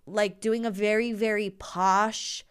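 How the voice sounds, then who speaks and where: Podcast co-host, woman, chatty and animated, crisp clean voice. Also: mid-range voice, slow. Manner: chatty and animated, heavy use of "like". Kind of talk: casual chat.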